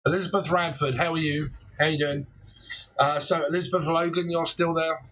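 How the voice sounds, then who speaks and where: A man's voice: fairly high pitch, steady tone, moderate pace, fairly bright tone, low-quality recording. A man in his forties doing a chatty live-stream tarot reading, laughing often between points and breaking into theatrical quoted outbursts. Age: 40s. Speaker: tarot reader.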